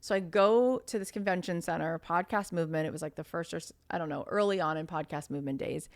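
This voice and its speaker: Woman, 30s, podcast guest; lower pitch, animated casual storyteller. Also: quick pace. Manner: chatty, animated storytelling with many "like" fillers.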